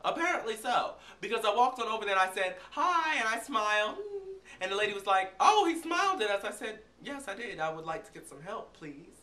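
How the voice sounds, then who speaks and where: A young man telling a casual, animated story as a vlogger, acting out the dialogue himself and sounding like he is getting over an illness. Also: high voice, a little fast, reverberant. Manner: animated, chatty, acts out dialogue. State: recovering from illness. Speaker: vlogger reviewing a concert.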